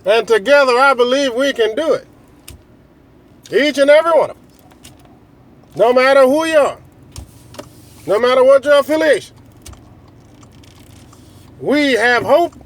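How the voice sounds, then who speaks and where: A man doing an impression of a grandiose president giving a slow, rousing rally speech. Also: very high voice, animated, pitched above the performer's own voice. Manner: slow, measured, rousing oratory.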